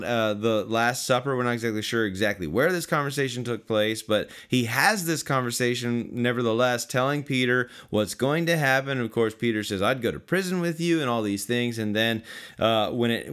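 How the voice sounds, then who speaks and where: A male preacher reading a Bible passage, then teaching in an unhurried, reflective way, with fillers and pauses. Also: mid-range voice, fairly bright tone.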